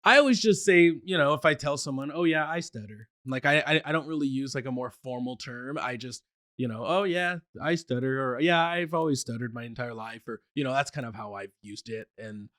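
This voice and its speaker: A man's voice: mid-range voice, brisk, a bit bright, no echo, clean studio sound. A man who stutters, talking eagerly as a podcast guest, with restarts and frequent laughs. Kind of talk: casual chat.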